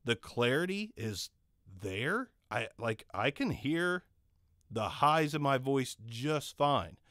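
A man with a mid-range, somewhat bright voice speaks slowly but very animatedly, with no echo. He's a channel host casually reviewing a microphone he's testing, rambling, joking and poking fun at himself. It was recorded on a condenser studio mic in a home studio.

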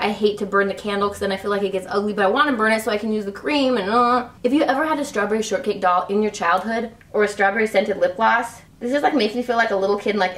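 A woman's voice: medium pitch, recorded from a distance. A woman in her thirties reviewing her favorite beauty products in a gushing, chatty way. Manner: gushing, chatty, full of "like" and "love". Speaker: beauty vlogger. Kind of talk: casual product review chat. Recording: roomy, a little off-mic.

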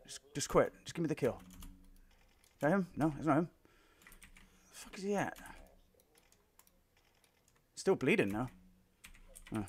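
Streamer dude cussing and laughing mid-match, voice kinda high and bouncy. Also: male voice, big pitch swings, unhurried, pauses often, slightly rough. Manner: profane, joking, trash-talking; laughs often. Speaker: gaming streamer. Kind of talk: live gameplay commentary.

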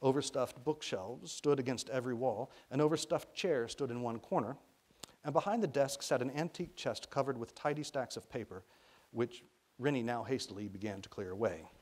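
A middle-aged man from Arkansas, an author reading his own children's novel aloud to an audience in expressive storytelling fashion. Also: medium pitch, normal speed. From Arkansas, USA. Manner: expressive storytelling, briefly voicing characters.

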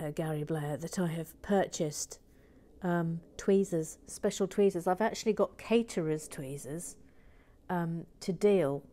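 A woman hosting a casual building vlog, chatting with viewers and often murmuring softly to herself as she works. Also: fairly low pitch. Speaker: host.

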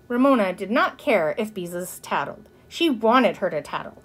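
A woman reading a children's chapter book aloud, with expressive narration. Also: mid-range voice, moderate pace, slightly rough. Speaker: reader. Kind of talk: storybook narration.

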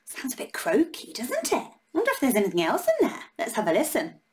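A woman's voice: a little high, wildly swooping pitch, fast, background noise. A woman reading a picture book aloud to young children, playful and full of gasps and sing-song counting. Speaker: children's storyteller.

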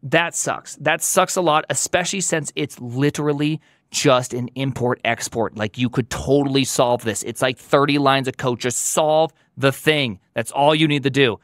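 A man talking as a podcast guest in casual tech chat, animated and opinionated, with emphatic delivery. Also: medium pitch, moderate pace, dry recording, clean studio sound.

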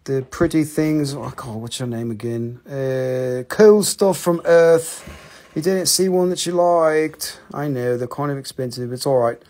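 A man's voice: mid-range voice, normal speed, few pauses, darkish tone. A man hosting a live-stream rock and mineral sale, talking casually into a handheld phone, joking, teasing viewers and swearing freely.

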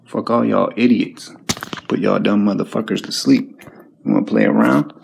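A man's voice: fairly low pitch, lively intonation, moderate pace, creaky, background noise. A man vlogging an angry, profane monologue, confrontational and repetitive as he rants at the viewers. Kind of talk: angry ranting monologue to camera.

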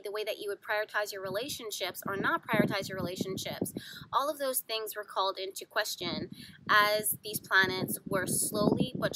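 A woman's voice: medium pitch, sharp tone. A woman talking to the camera about astrology, earnest and often repeating words as she searches for the right phrasing. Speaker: astrology YouTuber.

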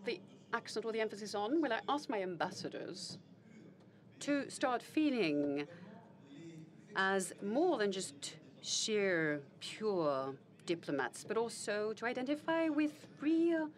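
A woman voicing a live interpretation in a formal, measured register. Her pitch sits at a middling level for a woman. She often pauses on fillers and restarts or corrects a word as she keeps pace with the speaker. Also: big pitch swings. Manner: halting, with fillers and self-corrections. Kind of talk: simultaneous interpretation of a panel conversation.

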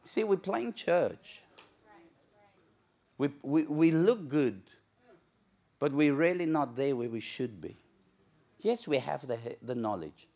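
A man's voice: on the high side, very animated, slow pace, pauses often, darkish tone. A middle-aged man preaching a sermon in a church, telling the story with animation and acting out the characters' lines. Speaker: pastor. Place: church sanctuary.

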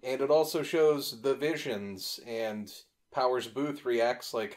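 A man's voice: mid-range voice, a little slow, few pauses, darkish tone. Young man cracking crude jokes. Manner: profane, joking, rambling. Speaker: podcast co-host. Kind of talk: casual chat.

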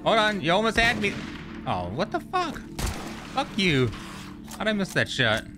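A man giving casual gameplay commentary, excitable and profane, joking with the characters he meets. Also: high voice, a little slow, noisy background. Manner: excitable, profane, jokey, talks to game characters. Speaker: gamer streamer. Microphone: studio microphone.

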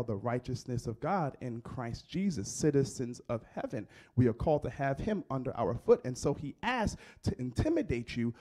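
A male pastor preaching a sermon, repeating phrases and building emphasis as he goes. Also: a little high. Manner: opens with soft prayer, then preaches with rising emphasis.

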